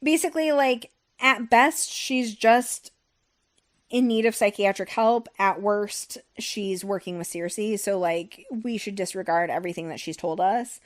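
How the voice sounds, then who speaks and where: At a measured pace and in a mid-range voice, a young woman chats loosely about a novel on her book podcast, rambling through the recap with profanity and plenty of "like" and "um."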